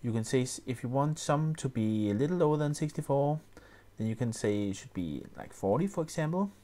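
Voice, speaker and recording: A man explaining music software step by step, often pausing with fillers and restarting his sentences. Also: medium pitch, expressive. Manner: hesitant, many fillers and restarts. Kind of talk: screen-recorded tutorial.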